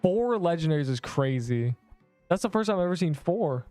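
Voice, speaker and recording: A man's voice: on the high side, animated, normal speed, mellow, faint music behind. A young man streaming a video game, chatting casually and rambling to his viewers. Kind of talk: casual live-stream commentary.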